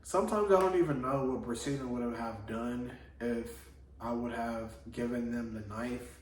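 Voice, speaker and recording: In a vlog, a man with a medium-pitched voice tells a personal story at a moderate pace, his casual monologue loose, slangy, and full of "like." The room echoes, his voice comes from a distance, and there is slight background noise.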